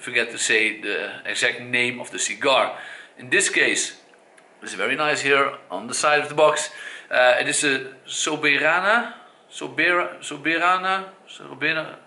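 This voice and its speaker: A man's voice: mid-range voice, moderate pace, sharp tone. A man with a Dutch accent giving a casual spoken review, hesitant with many fillers and self-corrections. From Netherlands. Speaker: cigar reviewer. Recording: echoey room.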